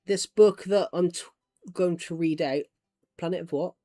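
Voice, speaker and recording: Playful, rambling young man, slightly high voice. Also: mellow, dry recording, faint music behind. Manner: playful, rambling, quick to laugh. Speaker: gaming streamer and author. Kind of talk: casual gaming chat and reading aloud.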